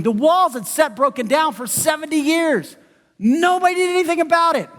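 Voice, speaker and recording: A man's voice: very high-pitched, animated, normal speed, fairly bright tone. A man preaching a conversational sermon as pastor, who acts out the voices of the people he quotes. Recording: church sanctuary with long reverb.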